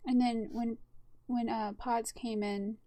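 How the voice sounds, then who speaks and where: A woman's voice: on the high side, level tone, slow pace, warm tone, dry recording. A woman co-hosting a casual podcast chat, talking in an emotional, gushing way with many fillers.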